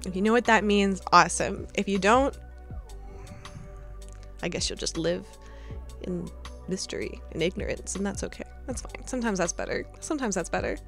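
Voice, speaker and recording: A woman's voice: medium pitch, expressive, moderate pace, pauses often. A young woman in casual vlog chat about her collection, gushing and giggly, full of fillers. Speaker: vlogger. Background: soft lo-fi music.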